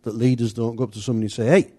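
Guy teaching at church, mellow low-key voice, rambly and chatty, lots of restarts. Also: level tone, very fast. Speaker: church leader.

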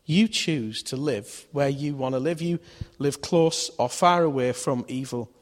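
A man preaches a sermon conversationally, asking his listeners questions and acting out voices in his stories. His voice is medium-pitched and a little slow, with long hall reverb on the recording.

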